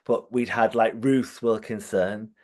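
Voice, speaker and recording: Low-voiced man, chatty co-host. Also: steady tone, a little slow, darkish tone. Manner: enthusiastic storytelling, often laughing. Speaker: podcast co-host. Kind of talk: casual chat.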